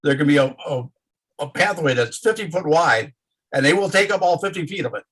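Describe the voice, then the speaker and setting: A man with a husky voice tells a story with exasperation. His pitch sits a little high, and the telling stays casual. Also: lively intonation, brisk, a bit bright.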